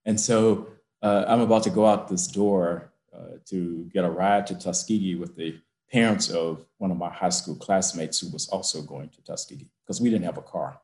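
Man, university president, low voice, emphatic storytelling, roomy echo. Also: steady tone, moderate pace, few pauses. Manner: emphatic, builds to forceful peaks. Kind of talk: storytelling interview. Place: his office.

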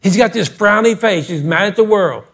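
A man preaching a fervent sermon as pastor in a church, scolding his congregation and rising to loud, insistent exhortation. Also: high voice, normal speed, vocal fry. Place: church sanctuary.

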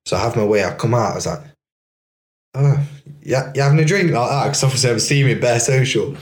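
A man's voice: medium pitch, fairly quick. A young man telling a rambling story as a podcast guest, full of fillers. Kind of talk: casual podcast chat.

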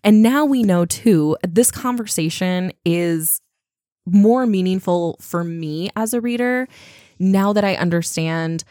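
Woman podcast cohost, low mellow voice, chatty, lots of you knows. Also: takes it slowly, dry recording, studio quality. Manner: chatty, with frequent fillers and laughs. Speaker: podcast co-host. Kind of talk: casual book-club chat.

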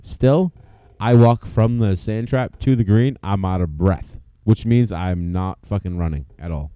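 A man's voice: fairly low pitch, a little slow, warm tone, clean tone, no echo. A man co-hosting a casual watch-along of a football game, swearing freely and laughing at his own jokes. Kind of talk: casual profane banter.

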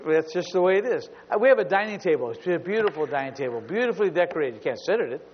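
A middle-aged man preaches with a fairly high voice, playing for laughs and slipping into little acted scenes. His voice carries a long hall reverb, and the recording sounds somewhat dull. A faint background hiss runs under it. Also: animated, quick pace. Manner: humorous, acts out little scenes in asides. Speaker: pastor. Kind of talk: sermon.

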